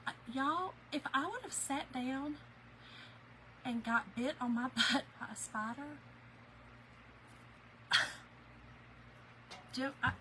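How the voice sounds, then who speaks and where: Chatty bright-voiced woman. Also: high voice, takes it slowly, long pauses, a little hiss or hum, poor audio. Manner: chatty, animated storyteller, laughs often. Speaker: craft channel host. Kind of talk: casual livestream chat with viewers. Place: home.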